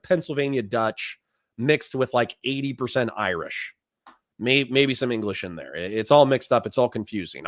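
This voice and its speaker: A man's voice: medium pitch, a bit bright, no echo, studio quality. A young man hosting a livestream, reading old quotes aloud and ranting with profanity and rhetorical questions. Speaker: host. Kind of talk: livestream commentary.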